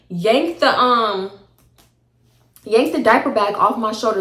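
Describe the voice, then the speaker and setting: A young woman telling a personal story to camera in a casual, slangy, animated way. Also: medium pitch, a little slow. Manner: animated, slangy, acts out both sides of arguments. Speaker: storytime vlogger. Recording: echoey room.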